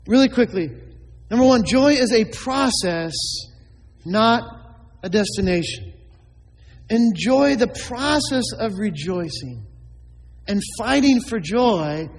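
A man's voice: sits high, in a large hall, rough recording. A man preaching a sermon as a pastor, emphatic, with many rhetorical questions to the congregation.

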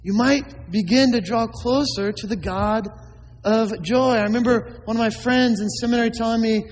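High-voiced preaching man in a reverberant hall. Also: moderate pace. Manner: emphatic preaching with rhetorical questions. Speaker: pastor. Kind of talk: sermon.

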